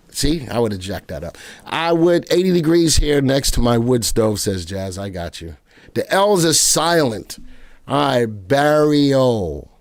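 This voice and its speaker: A man's voice: medium pitch, no echo. A man hosting a live stream, chatting with viewers in a playful way and often stammering and repeating himself. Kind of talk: casual live market chat.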